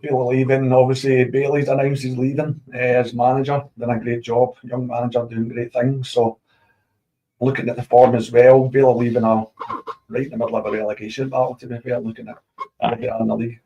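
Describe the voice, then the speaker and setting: A man's voice: mid-range voice, little pitch movement, a little fast, dark tone, lo-fi sound. A man giving matter-of-fact football predictions as a pundit. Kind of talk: casual chat.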